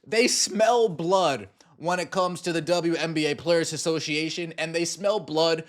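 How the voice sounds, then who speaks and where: A man's voice: a little high, unhurried. A man hosting a sports podcast, giving opinionated commentary and mocking the people he talks about. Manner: mocking, acts out sarcastic voices. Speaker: podcast host.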